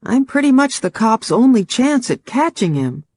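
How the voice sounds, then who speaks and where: A man's voice: very high-pitched, big pitch swings, moderate pace, darkish tone, no room sound, pitched above the performer's own voice, full character voice. A man reading an audiobook and voicing a tense, affectionate young woman in a raised, pleading tone. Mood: earnest. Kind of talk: audiobook character voice.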